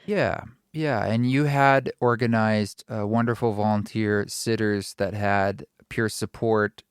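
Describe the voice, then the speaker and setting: Man with a smooth voice, lively storyteller. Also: fairly low pitch, slow pace, no room sound, studio quality. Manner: lively, acts out his own reactions. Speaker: musician and co-host. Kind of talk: casual storytelling chat.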